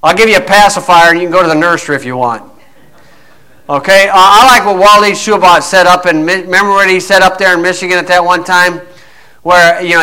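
A man's voice: high voice, sharp tone, clear, resonant tone, low-quality recording. A man preaching a blunt monologue in a combative, scornful, folksy way, full of fillers.

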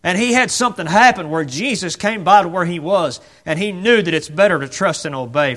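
Male preacher, slightly high, very animated; chatty sermon, acts out the voices in the story. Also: a little fast, hardly any pauses. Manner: conversational, rhetorical questions, acts out quotes. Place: church.

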